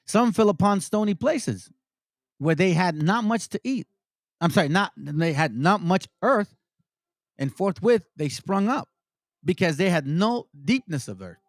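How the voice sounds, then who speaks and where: Lively, slangy male preacher. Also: fairly high pitch, dry recording. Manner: casual slang-laced preaching, reads verses aloud and explains. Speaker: preacher teaching scripture. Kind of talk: informal scripture teaching.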